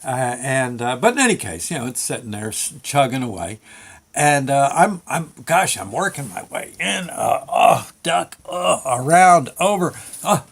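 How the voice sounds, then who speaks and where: A man hosting his own show, telling a long work story in a halting, folksy way with many fillers and restarts. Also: medium pitch, big pitch swings, creaky, breathy edge. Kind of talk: rambling spoken storytelling.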